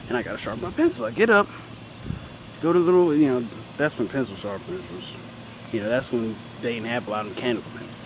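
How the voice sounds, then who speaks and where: A man's voice: medium pitch, background noise. A teenage boy telling a childhood story in a casual, profane, indignant way. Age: teens.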